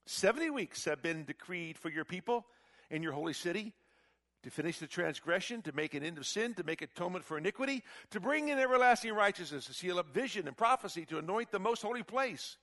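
Male preacher, sermon, bright tense tone, rhetorical questions. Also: high voice, fast talker. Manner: animated, emphatic, with rhetorical questions.

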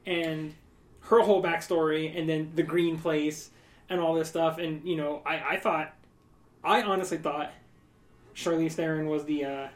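A man's voice: on the high side, steady tone, a little slow. A man co-hosting a podcast in casual chat, rambling along with joking asides. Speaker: podcast co-host.

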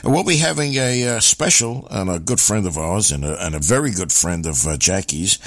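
A man's voice: low-pitched, animated, moderate pace, fairly bright tone. A man hosting a radio show, chatting in a rambling, jokey way. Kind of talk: casual radio chat.

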